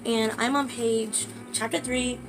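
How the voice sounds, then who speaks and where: A woman vlogging casually, gushing and excitable, with lots of fillers. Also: a little high, unhurried, music in the background. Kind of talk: casual book vlog.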